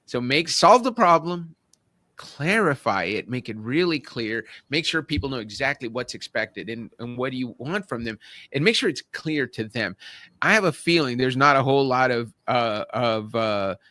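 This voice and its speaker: Male podcast host, enthusiastic, rambling; bright tone, dry close sound. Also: mid-range voice, expressive, moderate pace, dry recording. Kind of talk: conversational interview.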